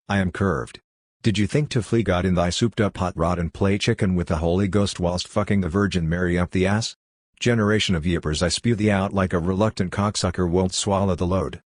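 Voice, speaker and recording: A man with a very low, deep voice reads prose aloud in an even, unhurried way. The sound is dry and close, with no room echo at all. He keeps a steady literary reading pace throughout. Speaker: reader.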